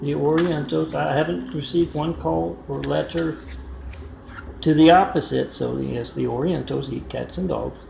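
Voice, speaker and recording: A man's voice: fairly high pitch, steady tone, a little slow, creaky. A man telling a meandering story to his phone camera in a casual vlog, with wry asides and lots of fillers. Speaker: vlogger. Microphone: phone front camera. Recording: echoey room with background noise.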